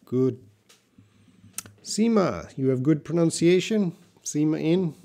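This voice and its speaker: Slow, unhurried male English teacher. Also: on the high side. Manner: relaxed, drawn-out, models words slowly. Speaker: English teacher hosting a live class. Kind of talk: live-stream lesson, reading chat comments.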